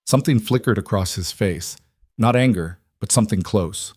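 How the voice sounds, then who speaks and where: Low-voiced male story narrator. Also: normal speed, darkish tone, no echo, clean studio sound.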